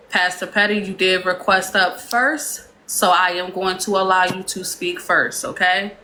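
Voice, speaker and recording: Woman, judge of a livestream mock trial, bright clear tone, firm and orderly. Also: medium pitch, a little hiss or hum. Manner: firm, orderly, setting rules. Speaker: judge of an online mock court.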